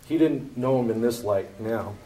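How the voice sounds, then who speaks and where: A man's voice: mid-range voice, normal speed, dark tone, slight background noise, poor audio. A man teaching from the Bible in a casual way, reading passages aloud and then explaining them with fillers. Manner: reads scripture then comments casually, with fillers and laughs.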